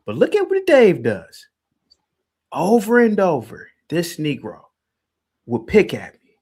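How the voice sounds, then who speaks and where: Male stream host: confrontational, taunting rant, pitched a bit high, very animated delivery. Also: slow, husky. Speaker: livestream host. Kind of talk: heated call-in stream rant.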